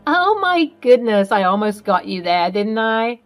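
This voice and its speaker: A woman voicing a scheming older mother-in-law who talks loudly and teases, over faint music. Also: a little high, sing-song, unhurried. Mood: gloating.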